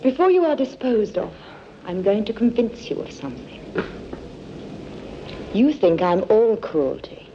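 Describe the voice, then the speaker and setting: An actress playing a cruel, commanding villainess in a 1960s adventure film, silky and menacing. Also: female voice, mid-range voice, very animated, unhurried, long pauses, a little hiss or hum. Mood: seductive. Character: cold, cruel villainess woman who commands followers. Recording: dull lo-fi film soundtrack with music.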